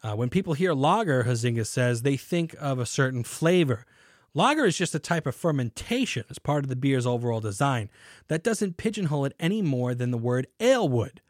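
A man's voice: medium pitch, big pitch swings, fairly quick, no room sound, studio quality. A man hosting a beer podcast, reading articles aloud and breaking off into sarcastic, swearing rants. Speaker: podcast host.

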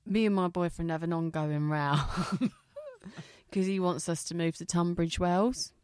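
A woman's voice: lowish voice, fairly even intonation, unhurried, a little mellow, smooth. Woman rambling through funny stories. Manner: rambling anecdotes, acting out what others said. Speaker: podcast co-host and comedian. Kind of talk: casual comedy chat.

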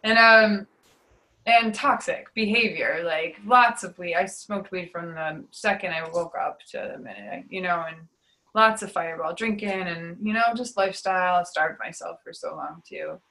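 A young woman giving an emotional personal testimony in an interview, confessional and full of fillers, her voice sinking to a hush on the painful parts. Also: on the low side, moderate pace, poor audio. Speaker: guest sharing testimony.

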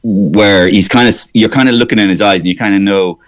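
A man's voice: on the low side, fairly quick. A man from Waterford with an Irish accent, a comedian rambling animatedly in a radio studio interview. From Waterford, Ireland. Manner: rambling, animated storyteller, slips into voices. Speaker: guest comedian.

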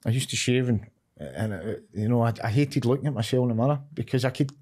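A man's voice: mid-range voice, fast, a little mellow, slightly rough. A middle-aged man with a Glaswegian accent, talking openly as a podcast guest, swearing freely and often checking "you know what I mean". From Scotland. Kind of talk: candid conversation.

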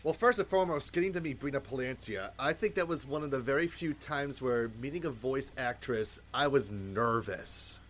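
A man's voice: medium pitch, animated, moderate pace, hardly any pauses, a bit bright, slight background noise. A man in casual podcast chat, hesitant with many fillers. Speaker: podcast co-host.

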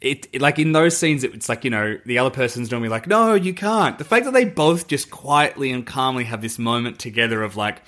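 A man co-hosting a podcast, speaking in a gushing, emotional, halting way. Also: mid-range voice, fairly bright tone. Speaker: podcast co-host. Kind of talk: casual chat.

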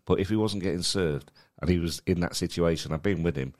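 A man co-hosting a podcast, chatty and animated, laughing often. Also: deep voice, a little fast. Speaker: podcast co-host. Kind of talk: casual chat.

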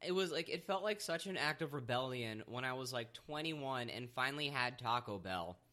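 A man's voice: medium pitch, lively intonation, normal speed, sharp tone. Easygoing young man rambling. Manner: easygoing, rambling, self-deprecating. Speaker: podcast co-host. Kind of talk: casual chat.

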